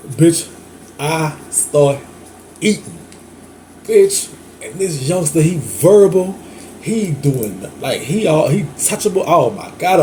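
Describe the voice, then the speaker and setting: Here a man with a higher-leaning, dark-toned voice hosts a frank storytime, a little hiss or hum under the audio. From Louisiana, he speaks with a New Orleans accent, chatters flamboyantly, laughs a lot, and keeps addressing his audience as "girl."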